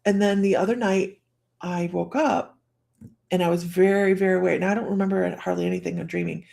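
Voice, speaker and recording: A woman's voice: on the low side, fairly even intonation, a little fast, creaky, darkish tone. A woman hosting a psychic livestream, telling a personal story in a chatty, rambling way with frequent laughter. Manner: restarts and trails off while telling a story. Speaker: psychic host of a live stream.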